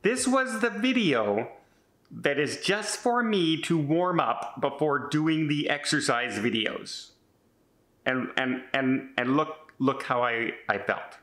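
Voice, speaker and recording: A man's voice: on the high side, expressive, slow, a bit bright. Chatty man in his fifties vlogging. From Canada. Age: 50s. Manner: chatty, rambling, with frequent restarts; earnest and defensive. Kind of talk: casual vlog monologue.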